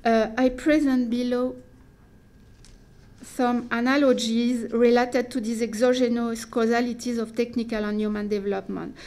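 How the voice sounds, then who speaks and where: A woman's voice: fairly high pitch, darkish tone. Woman reading a dense academic talk. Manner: careful, deliberate delivery with restarts and hesitations. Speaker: academic speaker.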